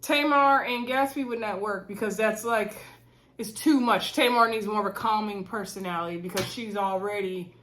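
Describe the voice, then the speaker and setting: A woman recapping a reality TV episode in an easygoing, gossipy way. She laughs often and talks to her audience as y'all, with a voice pitched in the middle for a woman. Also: moderate pace, fairly bright tone, slight background noise. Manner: chatty, addresses viewers as y'all, laughs often. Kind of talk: casual episode review chat. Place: at home on her bed.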